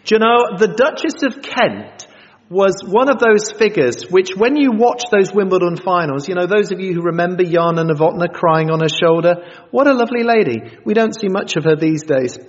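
A lively preacher in his fifties whose pitch swings widely as he tells self-mocking stories. His voice sits a little higher than most men's. The recording is dull and muffled, with long echo from a big hall. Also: normal speed. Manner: animated, self-mocking storytelling. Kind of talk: sermon. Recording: dull sound in a reverberant hall.

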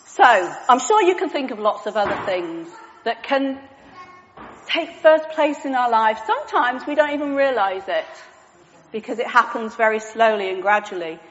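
A woman gives a chatty, self-deprecating all-age sermon, throwing questions out to the congregation. Her voice sits a little high, with a long echo. The sound is dull and muffled, as if from a church hall. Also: slight background noise. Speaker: preacher.

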